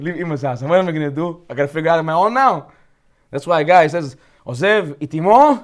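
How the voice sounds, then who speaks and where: A man with a Brooklyn accent teaches a Torah class in a high, swooping voice. He rattles along at a fast clip, joking and throwing rhetorical questions at his listeners. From Brooklyn, United States. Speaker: rabbi teaching a weekly class. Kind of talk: lively Torah class talk.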